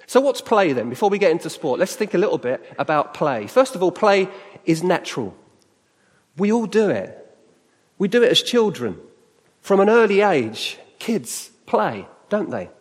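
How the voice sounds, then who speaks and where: A middle-aged man from Britain gives a chatty sermon-style talk, putting questions to his listeners as he goes. His voice sits a little high for a man. It rings out with a long reverb across a church hall. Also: sing-song, normal speed, slightly rough. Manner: chatty, conversational, asks the audience questions. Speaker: church speaker.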